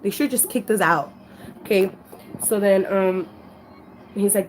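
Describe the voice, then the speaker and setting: A woman's voice: medium pitch, unhurried, pauses often. A woman telling her story casually to a handheld camera, rambling with frequent "you know" and freely swearing. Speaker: vlogger sharing her life story. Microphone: handheld camera at arm's length.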